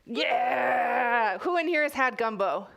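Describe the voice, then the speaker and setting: A woman's voice: fairly high pitch, lively intonation, takes it slowly, vocal fry, fairly bright tone. A woman from Texas, a children's author, chatting playfully and encouragingly with a room of children. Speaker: children's author hosting a library event. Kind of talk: lively talk with children.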